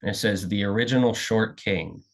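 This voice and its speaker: A man's voice: lowish voice, moderate pace. A man interviewing a guest over a video call, easygoing and hesitant, with many "uh"s and "um"s. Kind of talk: casual interview chat.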